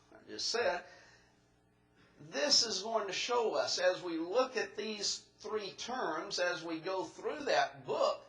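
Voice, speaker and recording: A preacher delivers a methodical, step-by-step sermon in a high, bright man's voice. The sound rings through a roomy church hall, and he works through each point like a teacher. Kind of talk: expository sermon.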